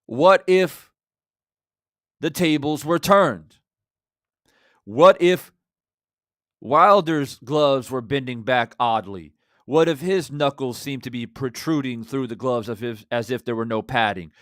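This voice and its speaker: A man hosting a fan reaction channel, talking in an impassioned, rhetorical way that swings between loud and quiet. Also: medium pitch, slow pace, long pauses, dry recording, studio quality. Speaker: boxing channel host.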